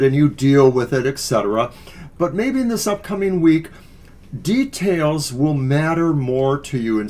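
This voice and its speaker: A man's voice: medium pitch, darkish tone. A man co-hosting a live tarot reading, giving earnest, encouraging card messages in a loose, casual way. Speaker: tarot reader co-host.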